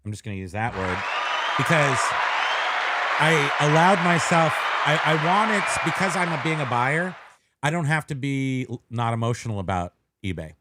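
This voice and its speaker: A man's voice: medium pitch, animated, normal speed, over a noisy crowd, very noisy. A man co-hosting a casual podcast, rambling and correcting himself as he jokes along. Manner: rambling, self-correcting, joking. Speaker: podcast co-host. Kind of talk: casual chat.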